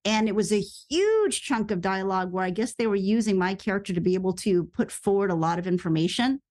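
A woman telling a story as a guest on an interview podcast, lively and quick, acting out the voices of people she quotes. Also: medium pitch. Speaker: actress and radio host guest.

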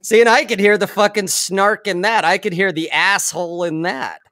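A man's voice: high voice, steady tone, moderate pace, pushed and bright, dry recording. A man co-hosting a podcast, chatting casually, swearing freely and rambling with frequent laughs. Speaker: podcast co-host. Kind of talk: casual chat.

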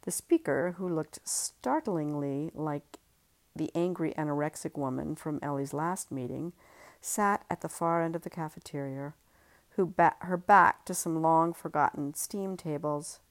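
A woman, an author and podcast host, reading her own novel aloud in a measured, steady voice. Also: deep voice.

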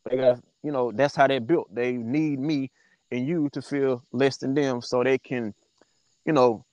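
A man guesting on a podcast, telling a story in a loose, profane, animated way and acting out what people said. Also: mid-range voice, a little slow, dry recording. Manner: profane, animated, acts out quoted dialogue. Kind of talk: casual storytelling.

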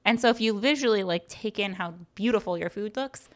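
A woman's voice: mid-range voice, a little fast. A young woman co-hosting a podcast in casual chat, teasing and laughing often. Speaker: podcast co-host.

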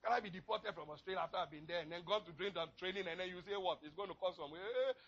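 A male pastor preaching a sermon, swinging from low, quiet murmurs to crying, shouted pleas. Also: quick pace, slightly rough, dull audio.

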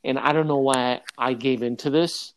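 A young man in casual podcast chat, telling a story with lively acted-out quotes. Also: mid-range voice, normal speed, a little hiss or hum. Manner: animated storyteller, acts out quotes. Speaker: podcast co-host.

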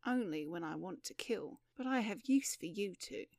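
A woman's voice: mid-range voice, animated, normal speed, darkish tone, no echo, clean studio sound, lightly acted. Woman reading as a harsh, ruthless gunwoman. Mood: curt, menacing. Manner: curt, commanding, snapping orders. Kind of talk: audiobook reading.

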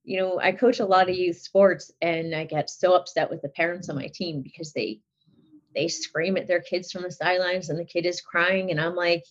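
Chatting as a guest on a podcast, a middle-aged woman discusses her kids with frequent laughs and plenty of fillers. Her fairly low voice keeps a fairly even intonation at a moderate pace, and the recording sounds dull and lo-fi.

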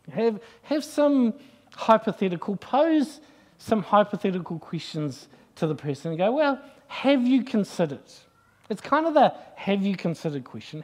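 A middle-aged man preaches in a loose, conversational way. His voice sits high for a man. He keeps slipping into anecdotes and acting out what people said. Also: a little mellow. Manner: chatty, anecdotal storyteller acting out quoted voices. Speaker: Christian speaker. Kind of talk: conversational sermon with personal stories.

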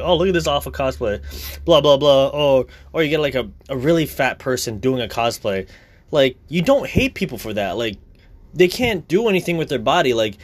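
A man's voice: mid-range voice, fairly bright tone. A young man talking casually, blunt and profane, in a heated rant.

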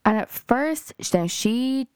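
On her own casual podcast, a young Irish host rambles bluntly, dropping lots of fillers and curse words. She speaks slowly in a higher, expressive, slightly mellow voice, and the studio recording is clean, with a clear tone and no echo.

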